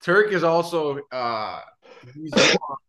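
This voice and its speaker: A man hosting a casual podcast, telling stories in an animated way and laughing easily. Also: on the high side, takes it slowly. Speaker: podcast host, former hockey player.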